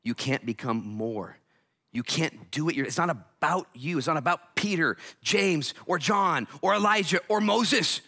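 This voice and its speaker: Bright-voiced, fiery preaching pastor. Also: male voice, a little high, unhurried. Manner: energetic, swings from hushed to shouting, acts out voices. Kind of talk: sermon. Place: church.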